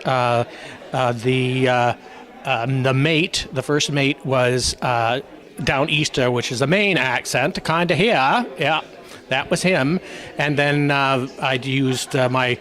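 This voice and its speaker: A man's voice: mid-range voice, fairly bright tone. A man, a stage actor, answering interview questions in a rambling, hesitant way. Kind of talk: casual interview.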